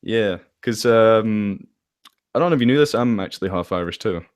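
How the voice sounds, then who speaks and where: A man's voice: lowish voice, lively intonation, moderate pace, clear, resonant tone, muffled recording. A man with a northwest English accent, a guest chatting casually in an interview, rambling a little and correcting himself as he goes. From England. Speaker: interview guest, story narrator. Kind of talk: casual chat.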